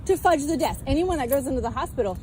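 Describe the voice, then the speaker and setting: An upset woman, a mother confronting police outdoors, yelling and defiant and repeating herself. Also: high voice, lively intonation, fast, a little hiss or hum, poor audio. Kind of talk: heated confrontation. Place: outdoors in a public place.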